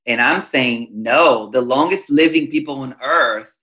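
A man's voice: mid-range voice, measured pace, bright, forceful tone. A man, a spiritual teacher, talking as a podcast guest in an earnest, emphatic, teacherly way. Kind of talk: podcast conversation.

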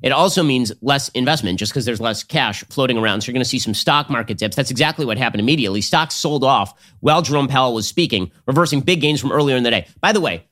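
A man hosting a political commentary show, arguing in a rapid, sardonic way. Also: medium pitch, animated, a bit bright. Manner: rapid, sardonic, argumentative delivery. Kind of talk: fast political commentary and read ad.

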